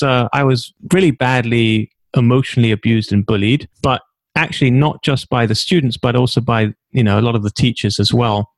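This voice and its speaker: A man's voice: medium pitch, no room sound. A man from England with a London accent, a guest telling his story openly with self-mocking humor in an interview. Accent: London English. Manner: candid, self-deprecating, joking. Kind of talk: interview conversation.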